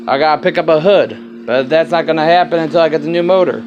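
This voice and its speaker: A man's voice: fairly high pitch, quick pace, a little mellow, lo-fi sound, slight background noise. A man with a slight Southern accent filming a rambling, casual walkaround of his car project, swearing now and then.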